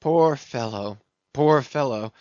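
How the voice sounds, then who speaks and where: A man voicing a weary, sympathetic ship captain who speaks softly with a sigh. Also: medium pitch, takes it slowly, dry recording, highs cut off, close to an everyday voice. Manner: soft, sighing.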